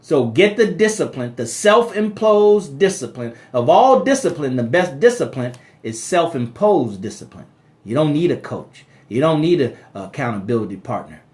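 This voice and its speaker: Guy preaching money tips on a live stream, kinda high voice, says things twice, stumbles over words. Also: big pitch swings, moderate pace, darkish tone. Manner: preachy, repeats key phrases, addresses listeners as brothers and sisters; stammers and restarts often. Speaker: host of a live money talk. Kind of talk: motivational live-stream talk.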